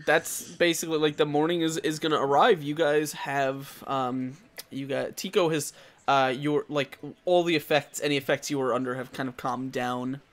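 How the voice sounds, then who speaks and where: A man running a tabletop game as game master, narrating with many pauses and fillers. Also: a little high, fairly even intonation. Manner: hesitant, many fillers and restarts.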